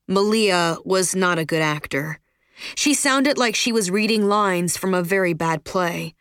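A woman reading a children's story aloud in an even, measured storytelling voice. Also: on the low side, clean tone, no room sound, clean studio sound. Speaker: audiobook narrator. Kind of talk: scripted narration.

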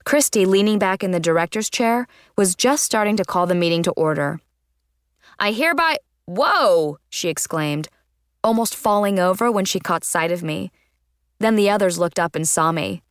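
A woman narrating a children's chapter book in the first person, with a lively, expressive delivery. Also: mid-range voice, no room sound, studio quality. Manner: lively, expressive reading with character voices. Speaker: audiobook narrator.

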